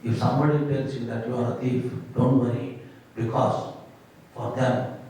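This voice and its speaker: A man's voice: mid-range voice, little pitch movement, normal speed, mellow. A man preaching a sermon as pastor, emphatic, repeating phrases and asking rhetorical questions. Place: church hall. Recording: echoey hall, mic at a distance.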